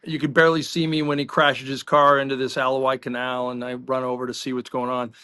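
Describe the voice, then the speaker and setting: A man's voice: mid-range voice, little pitch movement, fast talker, pushed and bright, clean tone. A middle-aged man co-hosting a podcast, telling rambling anecdotes in casual chat. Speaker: podcast co-host.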